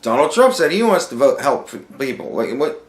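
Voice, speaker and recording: A man's voice: mid-range voice, big pitch swings, normal speed, roomy sound. A man hosting a podcast, telling a profane story in a casual, ranting monologue. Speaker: podcast host.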